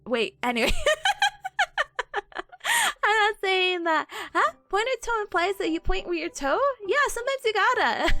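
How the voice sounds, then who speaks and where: A woman's voice: very high voice, very animated, unhurried, long pauses, pushed and bright, no echo. A woman streamer in casual live chat, playful and silly, laughing often between lines. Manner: silly, sings sound effects.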